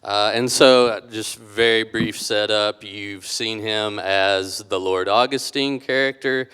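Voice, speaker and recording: Deep, unhurried male author reading live, smooth voice, long hall reverb. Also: fairly even intonation, fairly bright tone. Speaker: author reading from his novel. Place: literature house event hall.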